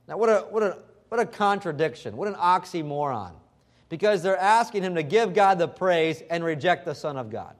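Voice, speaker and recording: A man's voice: high voice, moderate pace. A man preaching a sermon emphatically, weaving in scripture quoted in old-fashioned wording.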